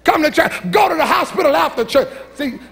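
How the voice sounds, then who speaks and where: A preacher with an unusually high, piercing voice and a rough, gravelly edge. He is a middle-aged man who preaches a folksy, fiery sermon, shouting out his points and then dropping into low, teasing asides. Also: lively intonation, brisk. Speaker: pastor. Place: church sanctuary.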